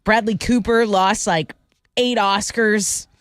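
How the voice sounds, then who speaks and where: A woman's voice: mid-range voice, steady tone, takes it slowly, clear, resonant tone, no echo. Woman cohost on a radio show, talky and giggly, dry close studio mic. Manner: chatty, laughs easily, reads items aloud. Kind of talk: casual chat.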